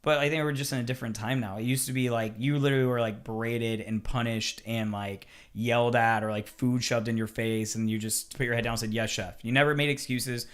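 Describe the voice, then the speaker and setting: A chef talks casually on a podcast in a smooth, mid-range voice, fairly quick and with few pauses. He tells animated stories full of swearing and acts out the quotes.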